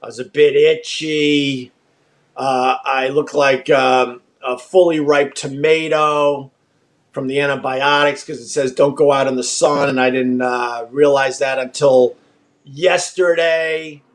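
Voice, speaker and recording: A man's voice: medium pitch, fairly even intonation, takes it slowly. A middle-aged man from Long Island with a light Long Island accent, hosting a radio talk show in a chatty, jokey, rambling way while achy and unwell. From Long Island, New York. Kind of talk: casual radio talk with ad reads.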